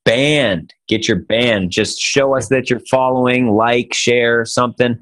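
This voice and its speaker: A man's voice: mid-range voice, fairly even intonation, a little slow, a bit bright. A man co-hosting a podcast, chatting casually and telling jokes in a laid-back way. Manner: joking, laid-back storyteller. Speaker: podcast co-host.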